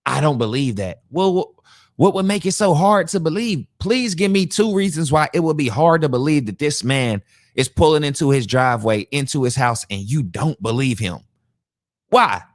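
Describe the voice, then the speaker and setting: A man's voice: fairly high pitch, normal speed, no echo, clean studio sound. A man hosting a podcast, giving incredulous reaction commentary on a video and acting out the people in it. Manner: animated, incredulous, acts out quotes.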